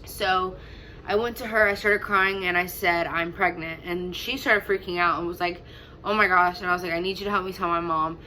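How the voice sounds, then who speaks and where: A woman's voice: fairly low pitch, steady tone, brisk, pushed and bright, slight background noise, rough recording. A young woman telling a personal story in a chatty, casual way, full of fillers. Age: young adult. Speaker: vlogger.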